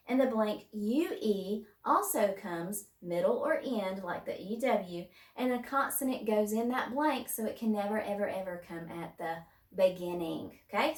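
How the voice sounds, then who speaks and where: A woman teacher leading a children's phonics lesson, drilling sounds one at a time in a slow, patient way. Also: medium pitch, reverberant, distant mic. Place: home room, distance learning.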